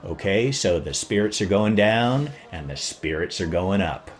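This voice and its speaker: A man hosting a podcast, explaining and retelling in a casual, jokey way, jumping up in pitch for emphasis. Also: lively intonation, measured pace. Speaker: podcast host.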